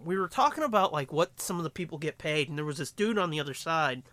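A man co-hosting a podcast, telling a casual, profane story in an animated way. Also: fairly high pitch, quick pace, dry recording. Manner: animated, profane storyteller doing voices in quotes. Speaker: podcast co-host. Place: podcast studio. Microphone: studio mic up close.

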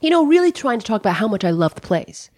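Here the same kind of speaker, a middle-aged woman from the United States appearing as a comedian guest, shares a frank, profane personal tale full of "like" and "you know." She talks fast, her fairly high pitch swinging widely, with a slightly mellow tone. Audio is clean studio quality without room sound.

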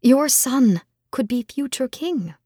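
A woman voicing a gentle, resigned queen mother in an audiobook, speaking softly and soothingly. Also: high voice, animated, slow pace, slightly rough, no echo, clean studio sound, voice pushed up, exaggerated voice. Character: gentle, sorrowful queen mother, middle-aged. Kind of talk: audiobook reading.

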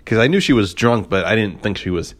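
A young man with a very low voice spins a casual story for his podcast. He rambles and swears freely, leans hard on fillers, and keeps a sarcastic streak running through the telling. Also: animated, fairly quick, a little hiss or hum. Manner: rambling, profane, filler-heavy. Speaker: podcast host.

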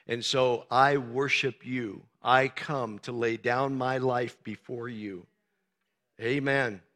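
A man preaching a sermon as pastor, swinging from soft, low talk to loud, emphatic shouting. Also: fairly even intonation, slow pace. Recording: long reverb of a large hall.

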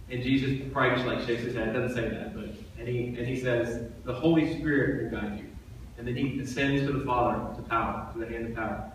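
In a church sanctuary, a male pastor with a mid-range voice preaches conversationally, repeating phrases for emphasis. His intonation is fairly even and his pace fairly quick, captured off-mic from a distance in an echoey hall with slight background noise.

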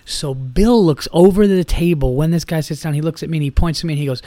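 A man's voice: fairly high pitch, moderate pace, no room sound. A man hosting a podcast, telling a rambling, profane story in a casual way and acting out the voices of the people in it. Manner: profane, animated, acts out quoted voices.

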